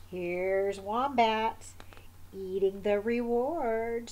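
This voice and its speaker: Brief: woman storyteller, unhurried children's read-aloud, sing-song and fairly high, gentle asides. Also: very animated. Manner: gentle, explains the pictures to listeners, slips into soft whispered asides. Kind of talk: picture book read aloud.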